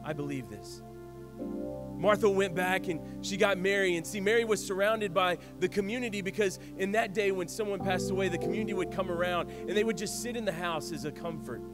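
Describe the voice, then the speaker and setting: A man in a church performing a dramatic first-person monologue, earnest and storytelling, hushed one moment and rising the next. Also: high-pitched, a little fast, few pauses. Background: music.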